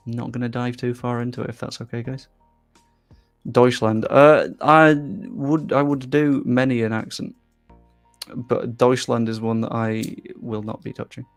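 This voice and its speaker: A young man with a faint Yorkshire accent chats loosely on a live stream, reading viewer comments aloud and poking fun at himself. His voice has a gravelly edge, sits at a middle pitch, and has faint music running underneath. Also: level tone, moderate pace, darkish tone. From England. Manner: chatty, self-deprecating, reads comments aloud. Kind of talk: casual live-stream chat.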